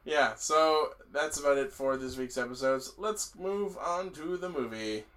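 Bright-voiced male podcast host. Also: a little high, measured pace. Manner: laughs often, steers the talk. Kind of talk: casual chat.

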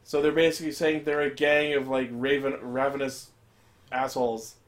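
A man recaps a show episode on his podcast in casual chat, rambling, swearing and acting out quoted lines with animated voices. His voice is mid-range and he speaks at normal speed.

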